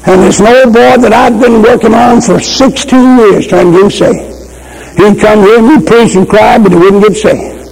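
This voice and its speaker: An older male preacher giving a fervent sermon testimony, impassioned and breaking into shouts and pleading. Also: high-pitched, sing-song, normal speed, vocal fry, poor audio. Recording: old recording with loud background noise.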